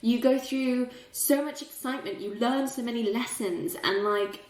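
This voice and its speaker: A woman hosting a podcast, retelling a film in casual chat with animated, emotional pitch jumps. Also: normal speed. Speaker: podcast host. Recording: roomy echo.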